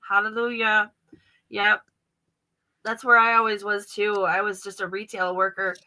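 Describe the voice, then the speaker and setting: A woman hosting a casual podcast chat, bubbly, with quick affirmations and frequent laughs. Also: medium pitch, little pitch movement, pushed and bright, low-quality recording. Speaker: podcast host.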